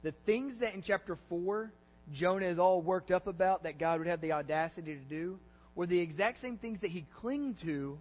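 A man with a high-pitched voice preaches in a relaxed, conversational way. He acts out the lines he reads with animated feeling. The sound carries a long church-hall reverb and a dull, lo-fi tone. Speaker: pastor. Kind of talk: sermon. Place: church sanctuary.

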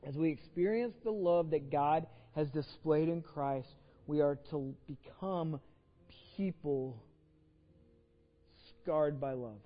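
A man with a Texan accent preaches a sermon in a casual, conversational way, often doubling words as he begins a thought. His voice sits fairly high. The recording is dull and muffled, with a long reverb from the church hall. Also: slow pace, soft background music. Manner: conversational, repeats words when starting phrases. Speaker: pastor. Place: church sanctuary.

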